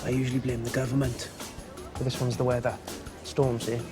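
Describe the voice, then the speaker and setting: An actor playing a weary ferry worker who answers in a curt, deadpan way. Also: male voice, mid-range voice, a little fast, music in the background, lightly acted.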